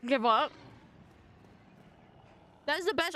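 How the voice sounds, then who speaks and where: A woman streaming a video game live, giving casual commentary in an excitable way, swearing often and erupting in frustrated outbursts. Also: high-pitched, measured pace, pauses often, no room sound.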